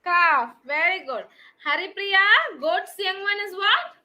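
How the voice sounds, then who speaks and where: A woman's voice: very high voice, lively intonation, slow, sharp tone. A woman teaching young children in an online class, calling on them by name and praising their answers. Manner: patient, questioning children by name. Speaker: kindergarten teacher.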